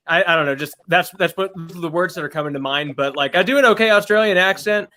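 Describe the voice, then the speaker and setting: A man's voice: fairly high pitch, fairly even intonation, fast, few pauses, bright, forceful tone. A man chatting as a comedian guest, stammering and self-deprecating. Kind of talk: casual comedy chat.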